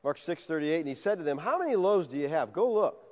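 A high-voiced, lively man preaching a conversational sermon and slipping into the voices of the people he quotes. His voice swings widely in pitch. The sound is a little dull, with a long reverb from a large hall. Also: quick pace. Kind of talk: expository sermon.

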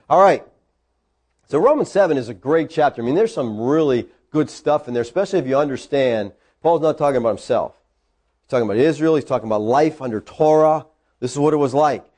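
A man preaching a sermon, teaching from the Bible with emphatic, animated delivery. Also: on the high side.

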